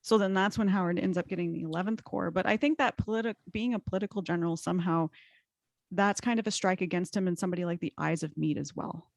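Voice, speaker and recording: A woman's voice: lowish voice, fairly even intonation, fast talker, no echo, studio quality. A woman chatting casually on a history podcast, with lots of filler words. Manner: chatty, uses many fillers. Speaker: podcast panelist.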